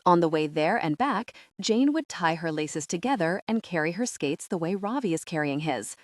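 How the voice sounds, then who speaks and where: Woman reading a story aloud, lowish voice, lots of pitch movement, dry close sound. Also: lively intonation, moderate pace, dry recording. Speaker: audiobook narrator. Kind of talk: scripted narration.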